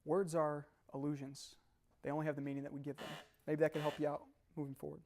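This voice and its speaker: Speaking quickly, a young man leads a live motivational seminar full of laughter and animation. His pitch sits a bit above the typical male range, and he repeatedly asks the audience questions as he goes.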